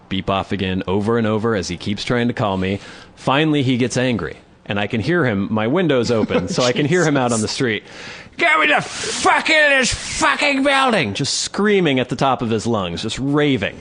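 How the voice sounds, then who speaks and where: A man co-hosting a podcast and telling a comic story, acting out the people he quotes. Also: lowish voice. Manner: animated storyteller who acts out the people he quotes. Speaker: podcast co-host. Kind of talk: casual comedic storytelling.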